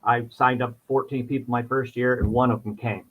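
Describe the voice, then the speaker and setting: A middle-aged New York insurance agent, appearing as a podcast guest, chats casually and at length, circling back and restarting his thoughts. His pitch is ordinary for a man, his intonation fairly even, and his pace a little fast. The recording has a dull, muffled, lo-fi sound.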